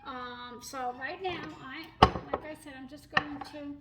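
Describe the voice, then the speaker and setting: Chatty high-voiced woman cooking at home. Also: a little slow, very noisy. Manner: chatty, laughs often, apologetic asides. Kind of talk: casual cooking vlog chat. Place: home kitchen. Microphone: phone camera held and turned while cooking. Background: pet bird chirping faintly.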